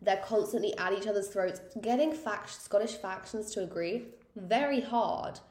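A woman's voice: medium pitch, moderate pace, a little mellow. A woman co-hosting a casual history podcast, chatting loosely with many fillers and restarts. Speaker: podcast co-host. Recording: roomy echo.

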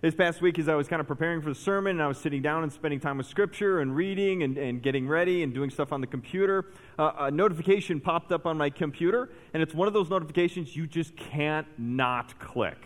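A man preaching a sermon as pastor, telling a story with lively emphasis and then dropping to soft, intense points. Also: on the high side, fast, few pauses. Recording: long reverb of a large hall.

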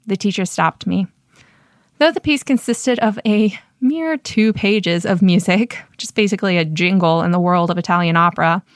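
A woman podcast host reading a scripted personal story in a measured, self-deprecating way. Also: mid-range voice, dry recording, studio quality.

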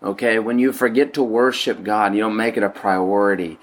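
A man's voice: fairly low pitch, steady tone, a little fast. A middle-aged man, a pastor, teaching in a conversational devotional podcast, full of restarts and playful asides.

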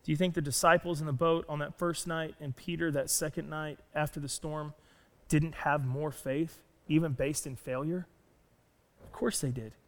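A man preaching a sermon as pastor, telling a story with animated delivery and acting out the lines he quotes. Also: on the high side, moderate pace. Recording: long reverb of a church hall.

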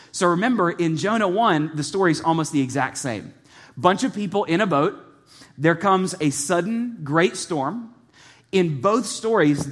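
A man preaching a sermon, animated and joking, often changing his pace. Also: a little high. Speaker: pastor.

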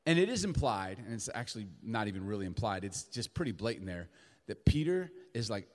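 A man preaching a sermon in a church, animated, acting out the voices of the people in his story. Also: on the high side, quick pace, in a large hall. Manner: animated, acts out voices of Peter and Jesus. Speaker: pastor.

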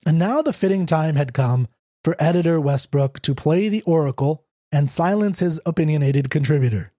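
Guy reading an old short story aloud, warm dark voice, dry recording. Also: a little high, moderate pace, dry recording. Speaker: audiobook narrator. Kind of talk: scripted narration of a classic short story.

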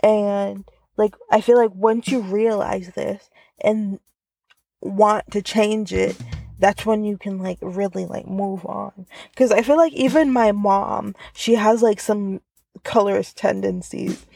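A woman's voice: mid-range voice, steady tone, slow pace, creaky, dark tone, no room sound. A woman hosting a casual solo podcast from inside her car, chatty and full of filler words. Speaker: podcast host.

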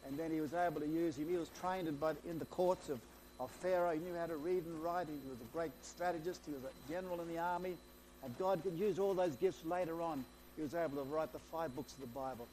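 An excitable male preacher whose voice sits high but has a soft, mellow tone. He retells scripture as an eager story, tripping over and restarting phrases as he goes. A faint hum and light noise run under his voice. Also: fast. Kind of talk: sermon.

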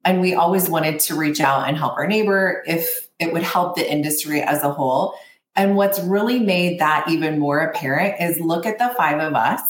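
A woman's voice: low-pitched, moderate pace. A woman, a consultant co-hosting a podcast, speaking sincerely and reflectively in casual chat. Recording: echoey room with faint ambient noise.

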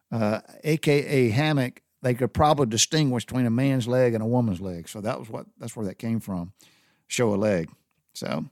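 This medium-pitched man from the Southern United States, a Navy veteran with a Southern accent, chats loosely about sailor slang with many restarts. It's a casual spoken monologue, recorded dry at studio quality.

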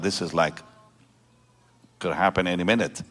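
A pastor in his seventies gives an emotional personal testimony to a church congregation, with halting restarts. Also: sits low, steady tone, fairly bright tone. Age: 70s. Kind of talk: prayer and personal testimony sermon. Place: church service before a congregation.

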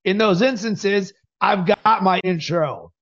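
Upbeat, high-voiced male podcast host. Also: takes it slowly, a bit bright, muffled recording. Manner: upbeat, emphatic, coaching tone. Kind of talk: energetic podcast conversation.

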